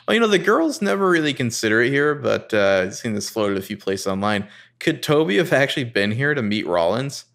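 A man co-hosting a podcast, retelling a TV episode in casual chat with a dry, low-key manner. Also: very animated, fairly quick, gravelly, hardly any pauses, fairly bright tone. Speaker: podcast co-host recapping a TV episode.

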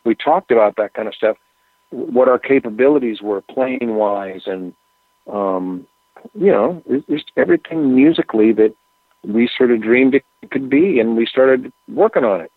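A man, a musician guest, telling rambling anecdotes in a relaxed, casual interview with plenty of fillers. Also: mid-range voice, normal speed, breathy edge, dry recording. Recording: tinny phone line.

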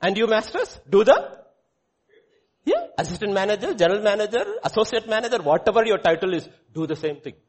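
A man preaching a sermon, animated, swinging between loud exclamations and quiet asides, joking with the congregation. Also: high-pitched, brisk, breathy edge. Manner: jokes with the congregation, calls on children by name. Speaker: pastor.

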